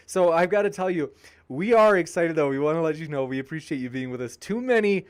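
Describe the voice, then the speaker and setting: Jokey debate host with a higher voice. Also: male voice, expressive, fast. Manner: jokey, playful banter. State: tiring, sipping water. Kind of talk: live-stream chat shoutouts.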